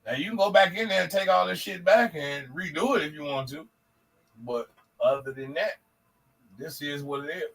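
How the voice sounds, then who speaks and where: A man co-hosting a podcast, telling a profane, animated story in casual chat and acting out the people in it. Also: on the high side, normal speed, gravelly, far from the mic, rough recording. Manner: animated, profane, acts out quoted voices. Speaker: podcast co-host.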